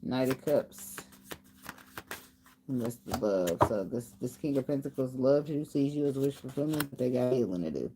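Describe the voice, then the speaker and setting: A female tarot reader with a very deep voice gives a casual reading, blunt and loose, cursing as she thinks out loud. Cards shuffle and clicks sound behind her, along with other background noise.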